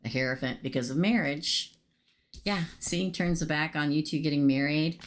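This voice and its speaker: A woman's voice: sits low, normal speed, a little hiss or hum. A woman doing a casual live tarot reading, naming cards and chatting with viewers about their questions. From United States. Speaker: tarot reader.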